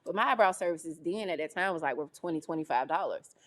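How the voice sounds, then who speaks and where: A woman from North Carolina, a guest in a casual interview, telling her story with lively, acted-out quotes. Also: low-pitched, quick pace. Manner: animated, acts out quoted voices. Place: studio on location.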